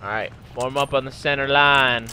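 A young man giving casual, profane, excitable commentary while playing a war shooter, shouting at the game. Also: medium pitch, normal speed, slight background noise. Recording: loud gunfire from the game over the voice.

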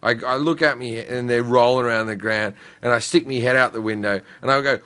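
A talk show host, telling loose, profane stories in casual chat. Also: male voice, mid-range voice, fast, hardly any pauses. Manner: loose, profane, animated storytelling.

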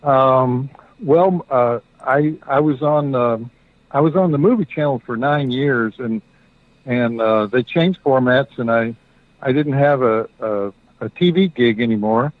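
A middle-aged man telling a story as a guest, halting, with many fillers and restarts. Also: mid-range voice, no room sound. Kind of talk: casual storytelling. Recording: dry tinny phone-like line.

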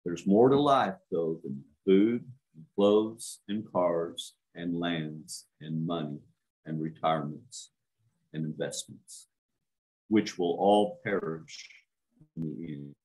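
A man with a low, deep voice preaches a sermon as a minister. He drives his points home by repeating words over and over, and he puts direct questions to his listeners. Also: slow pace, a little mellow, low-quality recording. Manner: emphatic, repeats words for stress.

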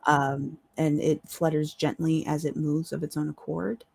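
A woman running a tabletop game as dungeon master, describing scenes in a calm, measured way with many fillers. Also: low voice, creaky, breathy edge, no echo.

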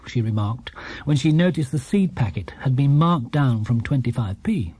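Lively, mellow male storyteller. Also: medium pitch, normal speed, husky, dry recording. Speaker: audiobook narrator. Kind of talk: scripted narration of a children's book.

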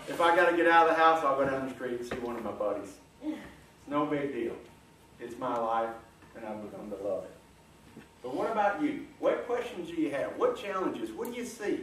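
A middle-aged man giving a folksy, animated motivational talk to a room, coaxing the audience along. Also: mid-range voice, brisk. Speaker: guest speaker. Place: large lecture room. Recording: echoey room, distant mic, faint hiss.

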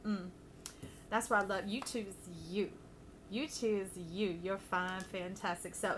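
A woman giving a casual, chatty tarot reading to her viewers, affectionate and quick to laugh. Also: medium pitch, steady tone, a little hiss or hum. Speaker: tarot reader.

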